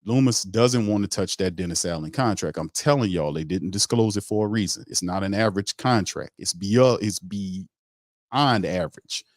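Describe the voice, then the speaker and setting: A man's voice: sits low, moderate pace, a little mellow, dry recording, clean studio sound. A man hosting a sports talk show in a blunt, emphatic rant that repeats points for emphasis.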